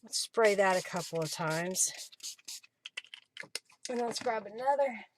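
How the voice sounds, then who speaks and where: A woman's voice: medium pitch, lively intonation, slow, slight background noise. A woman hosting a casual crafting live stream from her home craft room, chatting and thinking aloud as she works.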